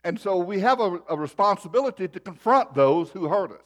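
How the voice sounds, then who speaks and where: A man preaching from the pulpit, his voice sitting a little high for a man. His pitch swings widely as he moves from homespun anecdote to earnest exhortation, now booming, now dropping low. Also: lively intonation, brisk. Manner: folksy storytelling, shifting loud and soft. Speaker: pastor. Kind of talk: sermon with personal story.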